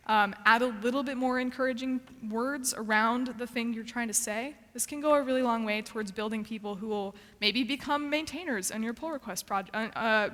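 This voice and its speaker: A woman's voice: fairly high pitch, fairly bright tone, long reverb tail. A woman giving a practical, earnest conference talk with frequent ums and restarts. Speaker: conference speaker.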